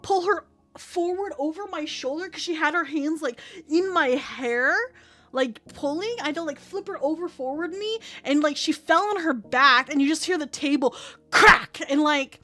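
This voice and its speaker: High-pitched rambling woman streamer. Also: moderate pace, pushed and bright. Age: 30s. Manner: rambling, profane, laughs a lot. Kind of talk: casual storytelling chat.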